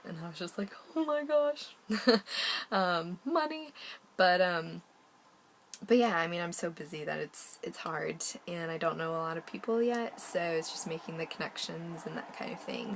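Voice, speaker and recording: Chatty young American woman, creaky voice. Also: fairly low pitch, noisy background. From United States. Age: young adult. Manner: chatty and rambling, many ums, frequent laughs. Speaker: vlogger. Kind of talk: casual video diary.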